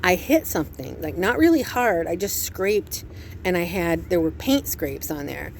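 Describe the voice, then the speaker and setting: A woman's voice: on the low side, very animated, normal speed, creaky, slight background noise. A woman vlogging from a parked vehicle in a resort parking area, overwhelmed and anxious, rambling and jumping from topic to topic. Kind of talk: candid personal vlog.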